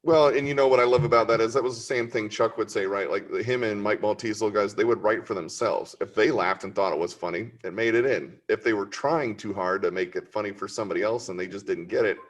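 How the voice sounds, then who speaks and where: Male host, lowish voice, upbeat and easygoing, promoting merchandise. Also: fast, few pauses. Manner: upbeat, plugging products. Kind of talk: casual interview chat.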